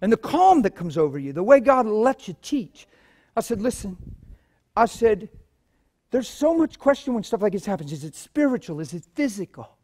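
A man preaching a sermon and telling stories, swinging from low murmurs to loud shouts. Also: very animated, moderate pace. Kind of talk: sermon with testimonies.

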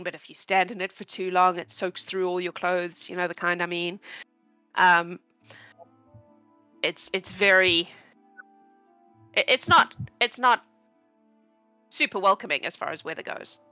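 A woman's voice: fairly low pitch, bright, forceful tone, dry recording, dull audio. A woman running a tabletop game as game master, describing scenes in a rambling, chatty way and searching for words.

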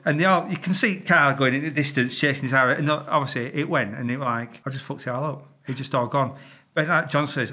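A man's voice: medium pitch, fairly quick. A middle-aged man with a Yorkshire accent, a retired traffic police officer, telling stories casually to camera, swearing freely and acting out sound effects. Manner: animated, swears freely, makes sound effects, stumbles and repeats.

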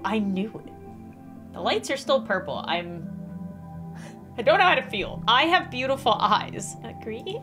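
A woman's voice: medium pitch, sing-song, takes it slowly, over music. A young woman reacting aloud to a creepy quiz game, reading the questions out and laughing nervously. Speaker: gaming YouTuber.

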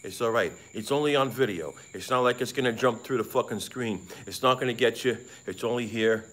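A man's voice: mid-range voice, fairly quick. Rambling, swearing man streaming outdoors at night. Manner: rambling, excitable, swears freely. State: sweating in the heat. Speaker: live-streamer. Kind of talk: casual live-stream chat outdoors at night. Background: frogs and insects chirping.

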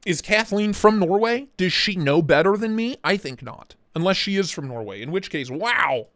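A man hosting a relaxed livestream chat in a voice a little high for a man. His pitch jumps around in a very lively way. He sounds easily excited and loose, full of slang and the odd curse. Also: normal speed. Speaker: livestream host.

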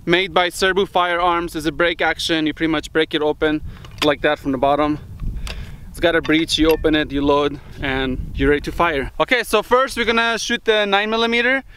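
A man's voice: a little high, brisk, fairly bright tone, slight background noise. A man hosting his own vlog outdoors in the desert, talking loosely to viewers with plenty of fillers. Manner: loose and chatty, with frequent fillers. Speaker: firearms channel host. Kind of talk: casual vlog talk to camera.

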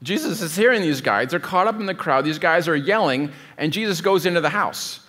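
A man's voice: fairly high pitch, expressive, a little fast, bright, forceful tone. A man preaching a sermon as pastor, in a conversational, digressive way, often stopping to rethink a sentence. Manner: conversational, digressive, thinks aloud mid-sentence.

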